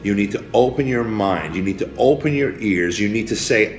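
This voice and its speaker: Low-voiced man giving a motivational speech. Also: lively intonation, normal speed, hardly any pauses. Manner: preachy, repetitive, swings from hushed to rousing. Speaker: motivational health speaker. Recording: roomy with faint music behind.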